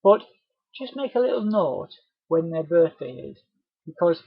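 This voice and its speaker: A man runs an online sales training session in a friendly, chatty way, often slipping into bright little doorstep greetings. His voice sits fairly high and has a husky edge. The sound is dry and close, a touch dull and muffled. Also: big pitch swings, measured pace, dry recording. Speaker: webinar presenter. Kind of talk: casual training webinar.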